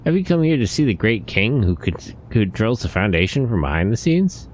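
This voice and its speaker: Guy doing a cocky game crime boss, big swings in pitch, taunting then cooing like a softie over his kitty. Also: very animated, a little fast. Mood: menacing. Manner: swaggering threats, then cooing baby talk. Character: boastful scheming male crime boss, doting on his cat.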